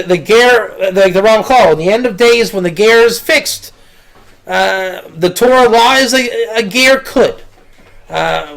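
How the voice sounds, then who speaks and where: High-voiced man teaching in a rambling way. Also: a bit bright. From Israel. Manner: rambling, repeats words, Hebrew and Yiddish terms. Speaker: rabbi giving a talk. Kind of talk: casual teaching talk.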